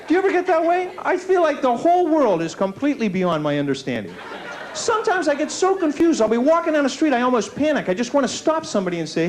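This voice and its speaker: Guy doing standup, high voice that jumps all over, faint tape hiss. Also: brisk, a faint crowd. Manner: animated, self-mocking storytelling with put-on voices. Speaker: stand-up comedian. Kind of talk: stand-up comedy set. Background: audience laughter.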